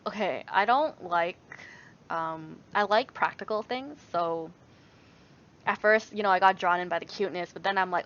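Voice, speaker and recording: A woman's voice: on the low side, normal speed, fairly bright tone. A young woman answers viewer questions in a loose, casual vlog chat. She rambles, restarts her sentences and laughs easily. The recording sounds a little dull and lo-fi. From Canada. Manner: rambling, many fillers and restarts, laughs often.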